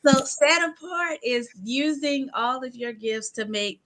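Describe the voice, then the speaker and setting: A woman attorney with a Southern Louisiana twang, chatting lively in a video-call interview and laughing often. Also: high-pitched, unhurried. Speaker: attorney and guest speaker. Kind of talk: virtual summit interview.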